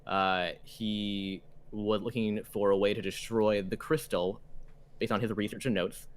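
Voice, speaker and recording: A man's voice: lowish voice, flat delivery, unhurried. A man narrating as game master of a tabletop game, rambling and hesitant, with many fillers.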